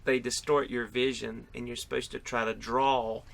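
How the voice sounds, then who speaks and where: A man's voice: medium pitch, level tone, moderate pace, gravelly, a bit bright. A middle-aged man and father hosting a casual family toy review, playful and laughing often.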